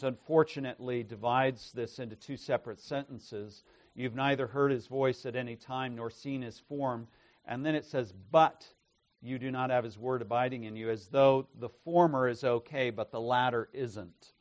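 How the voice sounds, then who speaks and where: A man preaching an expository sermon, reading scripture with deliberate emphasis and strong swells in loudness. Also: medium pitch.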